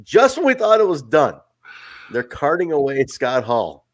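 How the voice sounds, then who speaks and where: A man co-hosting a casual wrestling review podcast, excitable and swearing freely, acting out quotes as he talks. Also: a little high, unhurried. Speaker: podcast co-host.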